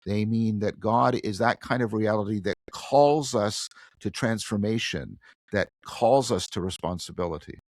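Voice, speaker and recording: A man being interviewed, thoughtfully explaining ideas in a conversational podcast, with lively emphasis and frequent restarts. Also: on the low side, normal speed, dry recording. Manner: thoughtful, animated, frequent restarts and self-corrections. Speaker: guest philosopher.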